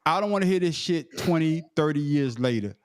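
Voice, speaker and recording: A man co-hosting a casual podcast, talking loudly and excitedly, swearing freely and stumbling over repeated words as he starts sentences. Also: a little high, fairly quick, no room sound, studio quality. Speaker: podcast co-host.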